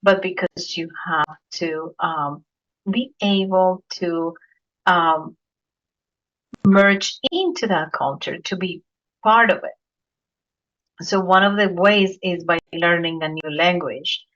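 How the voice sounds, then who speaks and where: A woman's voice: on the low side, slow pace, pauses often, a bit bright. A Colombian woman with a Spanish accent, hosting a podcast interview and telling anecdotes in an earnest way, often repeating words while she searches for them. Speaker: podcast host. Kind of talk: casual interview chat. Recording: dull lo-fi recording.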